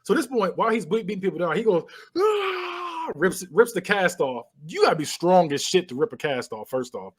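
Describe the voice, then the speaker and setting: Fast, with few pauses and a breathy edge, a high-pitched man co-hosting a podcast animatedly retells a movie scene by scene. The casual recap chat is sprinkled with sound effects and laughter.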